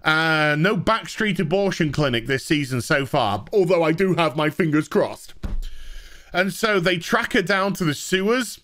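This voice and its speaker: A man's voice: fairly high pitch, expressive, measured pace, fairly bright tone. A man giving a sarcastic, profane TV review rant. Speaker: host. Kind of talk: ranting TV review.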